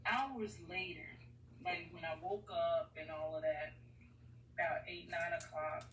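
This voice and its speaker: A woman's voice: lowish voice, fairly even intonation, a little slow, fairly bright tone, slight background noise. A woman vlogger telling a personal story in an earnest, rambling way, often repeating herself. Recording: echoey room, far from the mic.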